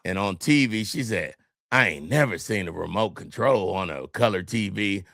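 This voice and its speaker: Brief: bright, animated man from California, casual podcast storyteller, dry close sound. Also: fairly low pitch, moderate pace, creaky, dry recording. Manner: animated storyteller, acts out quotes. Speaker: podcast co-host.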